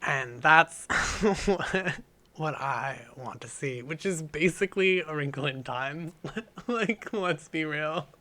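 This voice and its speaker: Bright, chatty man co-hosting a podcast. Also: fairly high pitch, takes it slowly. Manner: upbeat, laughs easily, chatty. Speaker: podcast co-host. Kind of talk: casual book podcast chat.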